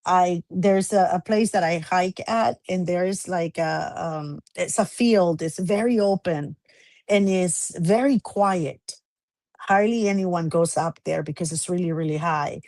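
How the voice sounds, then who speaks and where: A woman co-hosting a podcast, speaking in a reflective, gentle way in a casual chat. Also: on the low side, no room sound. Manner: slow, reflective, laughs easily. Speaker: podcast co-host.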